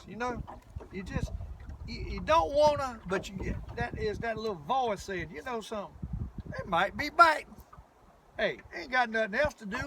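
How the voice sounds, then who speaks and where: Out on a lake in a small boat, this high-voiced older fishing vlogger from the Southern US films himself and talks excitedly to the camera, folksy and full of exclamations. Wind buffets the distant camera mic, and wind and boat sounds fill the background.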